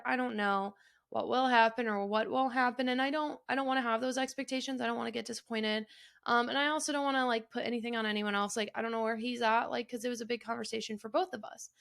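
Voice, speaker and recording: A woman's voice: a little high, creaky, a bit bright. Candid, emotional woman podcaster. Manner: candid, emotional, swears freely, lots of fillers. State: choked up at times. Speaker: podcast host. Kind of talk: personal solo podcast.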